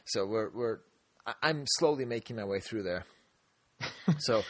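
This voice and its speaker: A man's voice: lowish voice, normal speed, fairly bright tone, dry recording. A man co-hosting a casual podcast chat. He rambles, laughs often and restarts his sentences. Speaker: podcast co-host.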